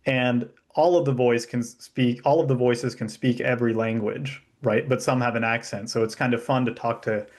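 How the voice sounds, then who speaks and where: A man who is a guest on a podcast, explaining his business in a relaxed, easygoing way and laughing easily. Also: mid-range voice, moderate pace, hardly any pauses. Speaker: guest, company founder. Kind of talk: casual interview chat.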